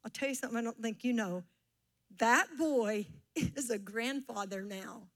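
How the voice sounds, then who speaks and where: A woman's voice: on the high side, moderate pace. A middle-aged woman pastor preaching a sermon, teaching and drawing responses from the congregation. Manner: warm teaching tone with audience call-and-response.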